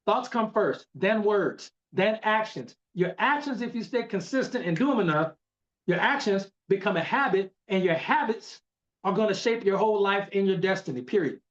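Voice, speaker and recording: Emphatic, high-voiced male team coach. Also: lively intonation, moderate pace, a bit bright. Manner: emphatic, repetitive, preachy coaching. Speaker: network marketing team leader. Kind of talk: motivational training talk. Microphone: video call. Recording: lo-fi video call audio.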